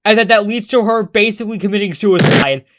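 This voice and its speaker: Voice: medium pitch, lively intonation, fairly quick, no room sound. A commentator rants about a cartoon in a casual, profane and exasperated way, full of sarcastic asides. The recording is dry and close, with no room sound.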